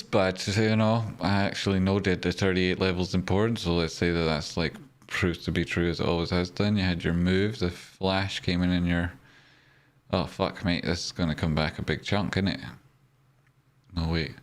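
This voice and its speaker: A man's voice: low voice, steady tone, normal speed. A man with a Scottish accent hosting a casual live stream about trading, chatty and joking as he reads out viewer comments. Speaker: livestream trading host.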